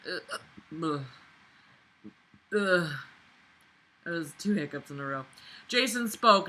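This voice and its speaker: A woman's voice: lowish voice, bright, forceful tone, rough recording. A drunk young woman reading a story aloud for her channel, breaking off into swearing, mocking, exasperated comments.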